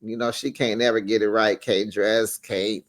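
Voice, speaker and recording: Here the recap host has a lowish voice with a flat delivery and normal speed. Still, his take on the reality show is casual, sassy, and chatty, with plenty of laughs between comments.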